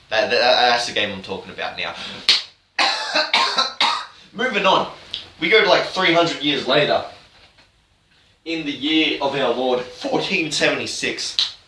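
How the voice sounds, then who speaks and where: A man's voice: mid-range voice, animated, a little slow, pauses often, pushed and bright, distant mic. A man retelling a video game story as a joke, talking in a rambling, irreverent, offhand way. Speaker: YouTuber. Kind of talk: comedic game-story recap. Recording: roomy, off-mic, faint hiss.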